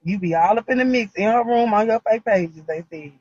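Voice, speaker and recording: Man, high voice, husky, exasperated repetitive complaining, casual livestream chat, muffled lo-fi audio. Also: brisk, a little mellow, dry recording. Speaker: livestream host.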